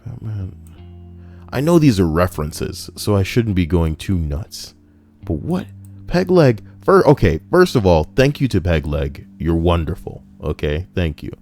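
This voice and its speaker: A man's voice: low-pitched, very animated, measured pace, a little mellow, faint music behind. A young man hosting a casual livestream, reacting to viewer messages in a profane, rambling way and laughing at his own stories. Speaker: livestream host. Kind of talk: casual reaction stream chat.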